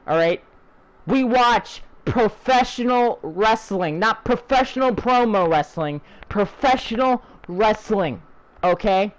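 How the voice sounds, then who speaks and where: High-voiced man ranting profanely. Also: animated, slow, low-quality recording. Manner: angry, profane, sarcastic, heated. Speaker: channel host ranting. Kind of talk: profane wrestling rant.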